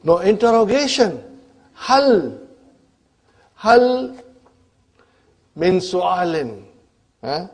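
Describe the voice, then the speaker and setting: A man teaching Arabic grammar to a class in English, often stopping to ask whether the students follow, and spelling out grammar terms slowly. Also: high voice, very animated. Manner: checks in with students constantly, asking "huh?" and "are you with me?".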